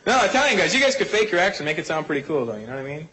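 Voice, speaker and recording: A man's voice: fairly high pitch, very fast. A man performing a stand-up routine on a club stage, teasing the audience. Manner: playful, teasing the crowd. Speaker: stand-up comedian. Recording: loud club crowd and noise.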